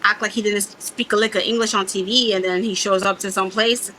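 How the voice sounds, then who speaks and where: A woman's voice: medium pitch, steady tone, brisk, sharp tone, slight background noise, poor audio. A woman in her thirties co-hosting a casual chat, emphatic and insistent, often repeating her points. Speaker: podcast co-host.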